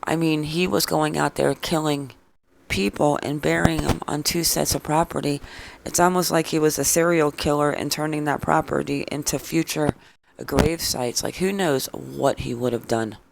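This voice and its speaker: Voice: mid-range voice, fairly even intonation, moderate pace, vocal fry, slight background noise. A true crime vlog host reading out viewer comments in casual chat, with blunt, sarcastic replies. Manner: opinionated, chatty.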